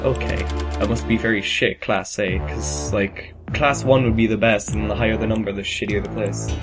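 A man's voice: on the low side, steady tone, moderate pace, few pauses. Chatty man commenting over a game. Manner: chatty, swears freely. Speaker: gaming video host. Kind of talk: casual let's-play commentary. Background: game music.

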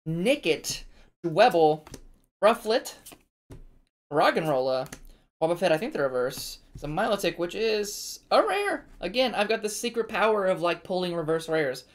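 A woman hosting a card-opening video, chatting to viewers in a chatty, self-deprecating way. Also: fairly low pitch. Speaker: card-opening channel host. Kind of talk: casual chat while opening card packs.

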